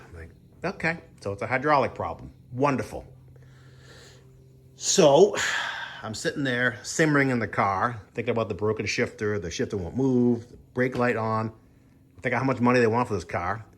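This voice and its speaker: Husky-voiced man telling a story. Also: mid-range voice, a bit bright. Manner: exasperated, reenacts both sides of conversations. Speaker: vlogger. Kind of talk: casual storytelling.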